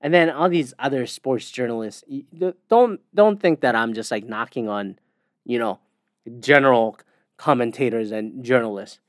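A man's voice: mid-range voice, moderate pace, dry recording, clean studio sound. A man from the United States hosting a podcast alone, ranting in a heated, profane, rambling way. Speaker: podcast host. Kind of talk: casual solo rant.

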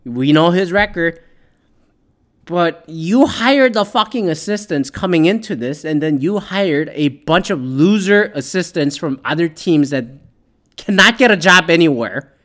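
A man's voice: on the high side, expressive, unhurried, a bit bright. A man ranting casually about football, profane and sarcastic, with lots of fillers and asides. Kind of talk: casual opinionated sports rant.

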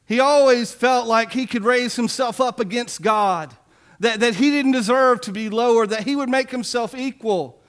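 A man's voice: very high-pitched, normal speed, fairly bright tone. A man in his forties preaching a sermon, telling stories in a conversational way with self-deprecating humor. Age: 40s. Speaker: pastor.

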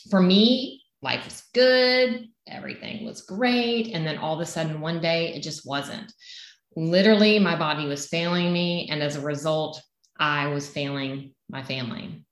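A middle-aged woman with a Southern American accent, earnestly co-hosting a health podcast and sharing her own story. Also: low-pitched. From South Carolina. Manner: earnest, emphatic declarations. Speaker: health coach co-host. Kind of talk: podcast introduction and personal story. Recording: echoey room.

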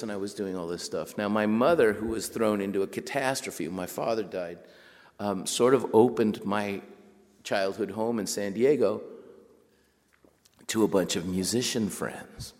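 Brief: lower-voiced man, animated storyteller, long hall reverb. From Mexico border region. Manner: animated storyteller, acts out quotes and laughs. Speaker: writer giving a talk. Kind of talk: storytelling talk to a group.

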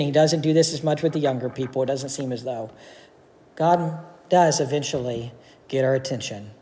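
A male pastor gives an earnest sermon in a church, quoting authors and pausing for effect. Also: high-pitched. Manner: earnest, quotes authors, dramatic pauses. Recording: long hall reverb.

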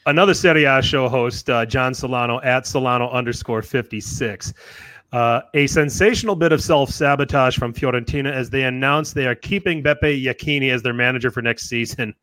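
A man's voice: mid-range voice, brisk, a bit bright, no echo. A man hosting a podcast, reading out nominated tweets in casual chat and laughing along. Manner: laughing, reads out tweets with restarts. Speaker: podcast host.

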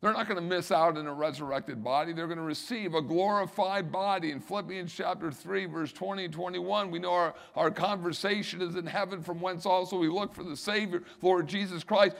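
A middle-aged man preaching a sermon in a high, gravelly voice. He swells and repeats key phrases for emphasis, the way a pastor drives a point home from the pulpit. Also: brisk, hardly any pauses, a bit bright.

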